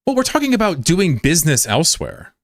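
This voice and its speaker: A man streaming live, chatting bluntly and profanely with viewers, swinging between loud outbursts and low mutters. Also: huge pitch swings, fairly quick, no room sound, studio quality. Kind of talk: casual live-stream chat.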